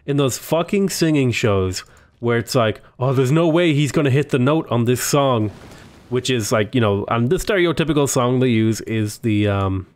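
A young Australian man giving rambling, casual commentary while playing a strategy game, chatting to his units. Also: on the low side. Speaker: gaming YouTuber. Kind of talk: casual let's-play commentary.

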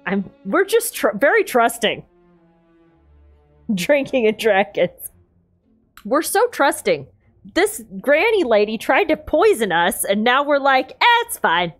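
A woman streamer chats through a game in a lively voice that jumps up and down, unhurried between jokes. She is playful and chatty, poking fun at her own play, with faint music in the background. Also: high voice. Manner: playful, chatty, laughs at herself. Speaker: gaming streamer. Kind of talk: casual let's-play commentary.

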